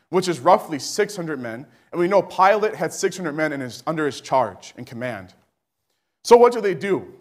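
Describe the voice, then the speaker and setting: A man preaching a sermon with fervent delivery that climbs to shouting. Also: fairly high pitch.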